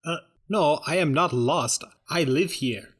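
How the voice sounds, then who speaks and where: A man's voice: fairly high pitch, slow, very noisy. A man voicing a stiff, formal male adventurer who talks in a stilted way.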